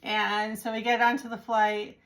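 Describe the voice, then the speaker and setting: A woman from the United States talks straight to her viewers in a relaxed, chatty storytelling voice. She sounds exasperated and acts out the people she met along the way. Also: on the high side, a little slow. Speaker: vlogger. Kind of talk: casual storytelling to camera.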